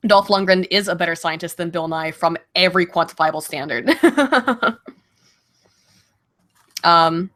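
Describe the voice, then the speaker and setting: A woman's voice: fairly low pitch, unhurried, long pauses, a bit bright. A woman from Virginia and Baltimore answering viewer questions on a casual livestream, blunt and profane, laughing often, on a desk mic at home.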